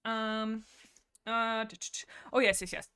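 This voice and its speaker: A woman hosting a casual livestream, rambling excitably about a book, laughing often and answering chat as she goes. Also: mid-range voice, moderate pace. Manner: reads and answers chat messages. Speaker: livestream host.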